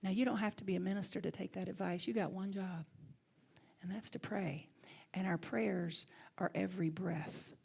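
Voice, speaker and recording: A woman minister with a Southern accent, preaching a sermon and telling a personal story with lively swings from loud to hushed. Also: fairly low pitch, normal speed, gravelly, husky. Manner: animated, swings from loud to hushed near-whisper. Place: church sanctuary.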